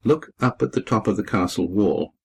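A man voicing a tiny, proud, haughty baby dragon in a storybook reading, with a husky, threatening way of speaking. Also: on the low side, moderate pace, mellow, heavily acted.

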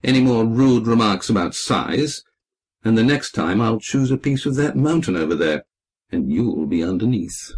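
A man voicing a tiny, proud, haughty baby dragon in a storybook reading, with a husky, threatening way of speaking. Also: lowish voice, lively intonation, moderate pace, a little mellow.

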